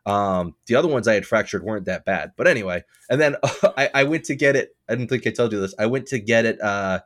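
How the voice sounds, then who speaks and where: A man's voice: on the low side, quick pace, a bit bright. A man telling a long, rambling story on a casual podcast, swearing often and laughing. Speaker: podcast co-host. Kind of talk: casual chat.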